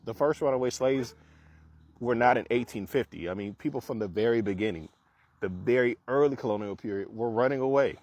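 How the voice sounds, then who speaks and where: A man's voice: mid-range voice, a little fast, a little mellow. A man giving a conversational, lecturing explanation while walking outdoors. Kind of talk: casual explanatory talk.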